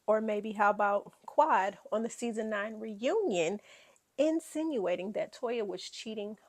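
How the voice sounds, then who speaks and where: A woman hosting a casual reality TV recap, sassy and animated, laughing often as she dishes gossip. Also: mid-range voice, measured pace.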